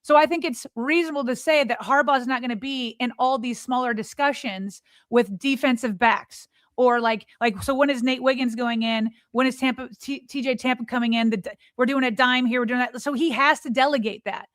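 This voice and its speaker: A woman's voice: a little high, steady tone, fairly quick, hardly any pauses, fairly bright tone, no echo, clean studio sound. A woman co-hosting a sports podcast, arguing emphatically and firing off rhetorical questions in exasperation. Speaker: podcast co-host. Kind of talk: heated sports podcast argument.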